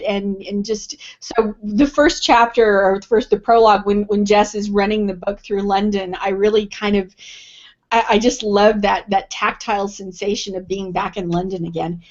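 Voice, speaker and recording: A woman author speaks at an ordinary middle pitch, thoughtful and easygoing, often restarting her sentences as she works out her answers. The audio is dull and lo-fi, like a video call streamed live. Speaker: author guest. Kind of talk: casual interview answers.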